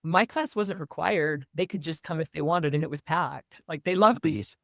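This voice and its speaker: A woman's voice: low voice, normal speed, no room sound. Earnest woman telling her story, dry sound. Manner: earnest, animated retelling with quoted dialogue. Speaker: guest. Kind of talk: personal storytelling in an interview.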